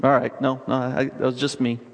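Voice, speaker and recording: A man preaching a sermon, emphatic and energetic, with sudden bursts of excitement. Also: mid-range voice, fairly quick. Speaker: pastor. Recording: long reverb of a large hall.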